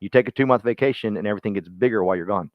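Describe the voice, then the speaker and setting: A man's voice: on the low side, rapid-fire, no room sound. A man leading his team in a motivational talk, folksy and rambling, calling on listeners by name. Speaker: team leader speaking to his real estate agents. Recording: dull lo-fi dry sound.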